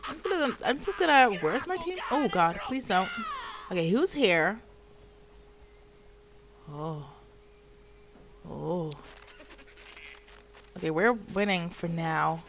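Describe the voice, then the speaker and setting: A woman's voice: fairly low pitch, lively intonation, slow pace, long pauses, fairly bright tone, a little hiss or hum. A woman livestreaming a game, chatting casually and exclaiming when startled. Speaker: streamer. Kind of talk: casual gameplay livestream chat.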